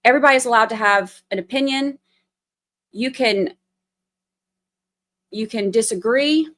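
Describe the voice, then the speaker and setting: A woman's voice: a little high, normal speed, a bit bright. A woman, hosting a casual livestream and talking through a trial, firm one moment and chatty the next. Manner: firm scolding then chatty explaining. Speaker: livestream host giving trial commentary.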